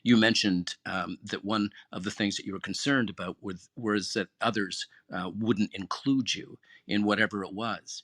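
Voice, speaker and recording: A man's voice: fairly low pitch, steady tone, moderate pace, few pauses, fairly bright tone, dry recording, clean studio sound. A man hosting an online audio room, giving an earnest, encouraging motivational talk. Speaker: host. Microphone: phone or headset in an online audio room.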